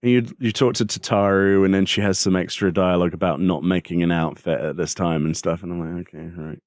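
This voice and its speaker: A man's voice: deep voice, fairly even intonation, a little fast, no echo, studio quality. A man hosting a casual gaming podcast, ranting with animation and acting out characters in exasperated voices. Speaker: podcast host.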